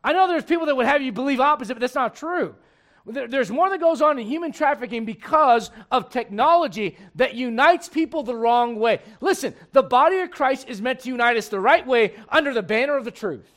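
A man preaching a sermon as pastor of a church, emphatic and swinging between loud bursts and low asides. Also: animated, a little fast.

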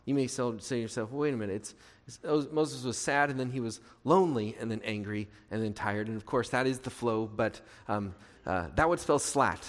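A man's voice: medium pitch, brisk. A man preaching a sermon in an earnest, conversational way, asking his listeners rhetorical questions and adding playful asides. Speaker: pastor. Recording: reverberant hall.

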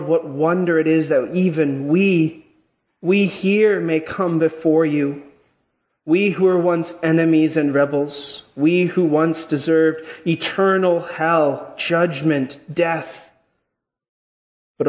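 Pastor, male, slightly high voice, earnest measured scripture reading and prayer, muffled lo-fi sound. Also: a little mellow.

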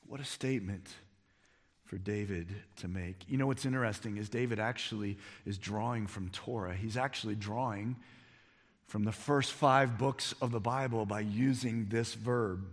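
A man preaching a sermon as pastor, emphatic, building to near-shouts on key points. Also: mid-range voice. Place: church sanctuary. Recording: long reverb of a large hall.

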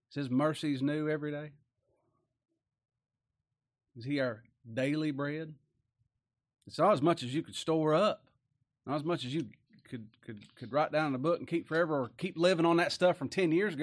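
In a slightly high voice at normal speed, a man delivers a Bible study sermon in homey, folksy language, pausing often. He reads the verses aloud with raised emphasis, then slips into soft, confiding asides.

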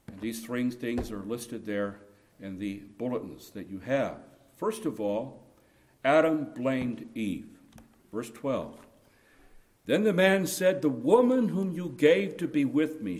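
A man's voice: a little high, fairly bright tone. A man preaching a sermon earnestly, building to impassioned emphasis at key points. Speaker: pastor.

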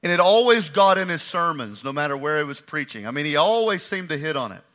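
A preacher, a man, delivers his sermon with great emphasis, repeating phrases to drive them home. His voice sits high and rings very bright. He swings between quiet, low-spoken lines and shouted climaxes. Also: big pitch swings, quick pace.

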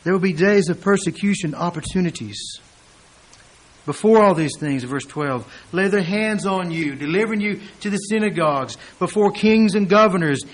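A man preaching an expository sermon, reading scripture aloud and building to loud, emphatic peaks when he quotes it. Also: sits high, moderate pace.

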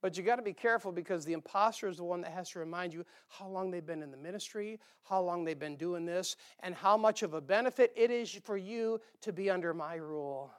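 A male pastor preaching a sermon, animated, acting out quoted voices and dropping into quiet asides. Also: high-pitched, fairly quick, few pauses, clean tone.

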